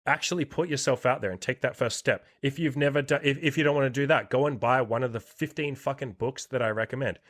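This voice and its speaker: A man's voice: mid-range voice, fast, hardly any pauses, a bit bright. A man hosts a podcast interview, speaking bluntly in a loose, conversational way. He swears often and drives his points home like a motivational coach. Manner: blunt, heavy swearing, pep-talk energy. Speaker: podcast host and dating coach. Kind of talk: casual interview chat.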